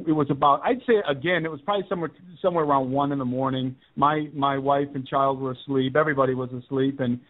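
Earnest man on a tinny phone line. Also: on the high side. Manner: earnest, emphatic, repeats key points. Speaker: radio show guest. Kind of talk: personal testimony storytelling. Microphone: telephone.

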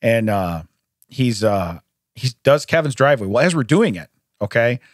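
A man's voice: medium pitch, normal speed, no echo, studio quality. A man co-hosting a podcast, telling a story in casual chat, laughing often and acting out what people said. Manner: animated, laughing often, acts out quoted voices. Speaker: podcast co-host. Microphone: studio microphone.

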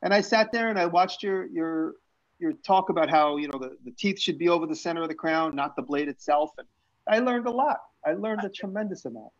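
Fairly high in pitch and a little fast, a man hosts a casual live stream of his own show, rambling with frequent fillers and restarts. The audio is lo-fi stream quality.

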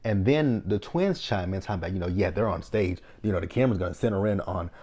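A man with a low, mellow voice talks through a reality show episode in casual review commentary. He is blunt and openly exasperated, swearing freely as he recaps the scenes and adds his own asides. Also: expressive, brisk.

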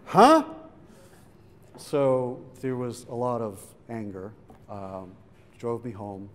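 A man's voice: lowish voice, slow, mellow. A middle-aged man speaking at a public event, telling a family story in a conversational way and acting out the voices of people he quotes. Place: museum event hall. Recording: hall reverb, faint background noise.

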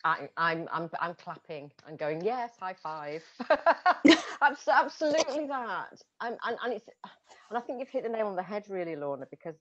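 A woman who works as an executive coach and host chats over a video call, sounding very animated and enthusiastic, laughing often and restarting mid-phrase. Her mid-range voice is a bit bright and moves at normal speed. The casual conversation comes through muffled, lo-fi audio.

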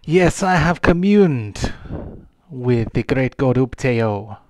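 A man voicing a solemn woman voodoo priestess with a put-on slight French-Caribbean accent, speaking slowly and gravely in a tabletop game. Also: mid-range voice, animated, darkish tone, no echo. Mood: stern.

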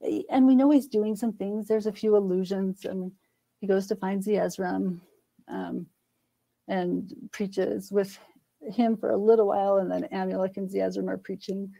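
A woman's voice: medium pitch, fairly even intonation, normal speed, gravelly, mellow, low-quality recording. A middle-aged woman scholar, a guest in a conversational interview, speaking thoughtfully and earnestly. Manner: thoughtful, earnest, frequent restarts.

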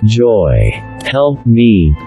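A man reading the lines of Love, a desperate female spirit, in a slow storybook telling. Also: fairly low pitch, huge pitch swings, dark tone, faint music behind, exaggerated voice. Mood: pleading.

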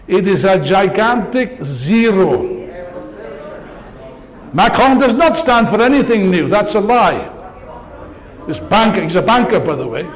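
Unhurried and pausing often, the older man uses a high, very animated voice. He's a political speaker firing up an audience in a large hall, leaning on sarcasm and rhetorical questions.

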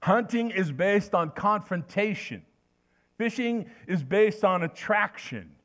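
A man's voice: sits high, expressive, slow, a bit bright. Folksy older man preaching. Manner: folksy, anecdotal, with restarts. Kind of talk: sermon.

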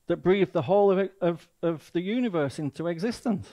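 A man's voice: high voice, expressive, brisk, hardly any pauses, dark tone. A man with a Mancunian accent preaching a sermon as a guest speaker, emphatic and full of rhetorical questions.

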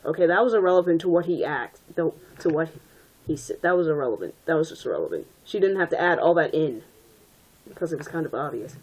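A woman reads a fan story aloud and keeps interrupting herself with sarcastic, exasperated asides. Her voice sits a bit low for a woman. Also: lively intonation, quick pace, a little mellow, breathy edge, low-quality recording. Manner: sarcastic asides, frequent laughter. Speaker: reader and commentator. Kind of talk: mocking reading of bad fan fiction.

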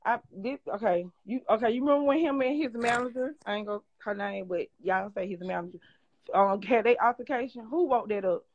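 A woman's voice: on the high side, a little fast, no room sound. Woman asking questions over dull phone audio. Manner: probing, persistent questions. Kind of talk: questioning on a livestream.

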